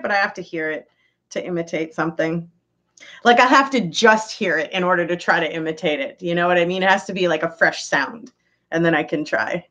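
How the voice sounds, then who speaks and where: A woman's voice: mid-range voice, fairly bright tone. A woman hosting a casual live stream, chatting with viewers, reading their comments aloud and laughing often. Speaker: livestream host chatting with viewers.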